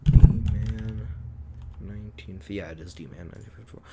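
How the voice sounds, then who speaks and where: A man's voice: fairly low pitch, moderate pace, heavy background noise. A man giving a rambling, self-deprecating director's commentary on his own fan series, often unsure of himself.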